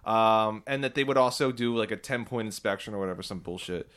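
A man's voice: fairly low pitch, a little fast, a bit bright, smooth. A man co-hosting a casual podcast, telling a long rambling story full of fillers and restarts, getting worked up as he goes. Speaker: podcast co-host. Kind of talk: casual chat.

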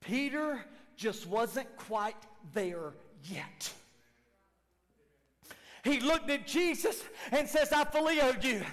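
A man preaches a sermon in a church sanctuary, his voice pitched very high. He swings from quiet, low asides to loud, shouted lines, acting out the quoted dialogue. The room gives a long, ringing reverb. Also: sing-song, very slow, pauses often. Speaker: lead pastor. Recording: long reverb of a large hall.

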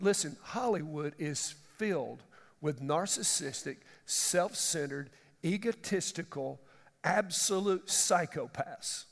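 Animated, gravelly preacher in a hall. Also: male voice, high voice. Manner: emphatic, folksy preaching with audience questions. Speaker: pastor. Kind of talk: sermon. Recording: reverberant hall.

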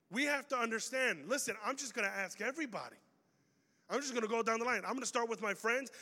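A man preaching a youth sermon in a large hall, animated and acting out quoted people with humor. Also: extremely high pitch. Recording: long reverb of a big hall.

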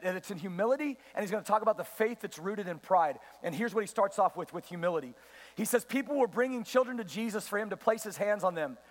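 A man's voice: sits high, in a large hall. A man preaching a sermon as pastor, emphatic, acting out quoted voices and putting questions to his listeners. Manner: emphatic, rising and dropping sharply for effect; acts out quoted voices and asks the crowd questions.

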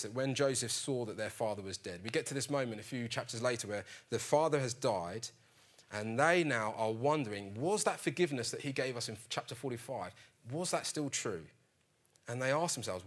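A man's voice: medium pitch, a bit bright. Earnest conversational male preacher. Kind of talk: sermon.

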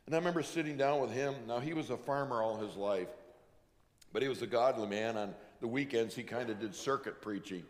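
A male pastor giving a sermon, emphatic, slowing down to drive home each point. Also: mid-range voice, long reverb tail. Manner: emphatic preaching, slows down to stress points.

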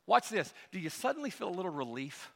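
A man preaching from a church pulpit with a high, bright, ringing voice. His delivery is animated and emphatic, jumping from loud exclamations to soft, drawn-out asides. The sound carries a long reverb from the hall. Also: gravelly. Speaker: pastor. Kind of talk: sermon.

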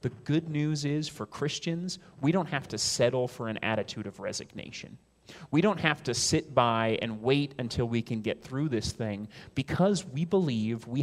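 Male pastor, mid-pitched voice, emphatic sermon delivery, drops low and soft for quotes.

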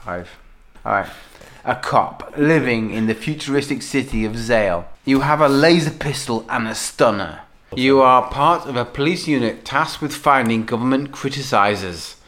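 A man's voice: mid-range voice, animated, moderate pace, fairly bright tone. A man co-hosting a podcast, reading out text-adventure prompts and laughing often as he reads. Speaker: podcast co-host, game reader. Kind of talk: casual podcast chat, reading game text.

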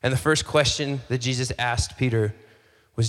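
A male pastor gives a casual, talky sermon to his congregation. His voice sits at an ordinary middle pitch. He slips into short acted-out exchanges and doubles back on his words. The sound carries a long hall reverb. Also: fairly even intonation, normal speed, a bit bright. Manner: conversational, acts out dialogue, repeats phrases. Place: church hall.

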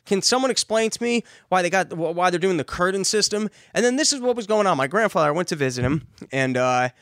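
A man's voice: sits high, animated, fast, a bit bright, no echo, studio quality. A young man riffing in a rambling, profane comedic monologue, cutting himself off and circling back as he talks from a car. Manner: profane, digressive, self-interrupting. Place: in his grandfather's car.

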